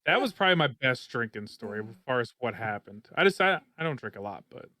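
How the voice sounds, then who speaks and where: A man's voice: medium pitch, very animated, fast, pushed and bright, no room sound. A man co-hosting a podcast, chatting casually with short, wry interjections. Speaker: podcast co-host. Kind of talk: casual chat.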